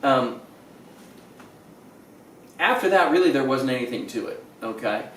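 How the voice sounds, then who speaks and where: A man's voice: medium pitch, lively intonation, measured pace, fairly bright tone, a little hiss or hum. A man casually telling how he met his wife, rambling and repeating words as he acts out what people said. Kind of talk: casual storytelling. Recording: roomy echo, distant mic.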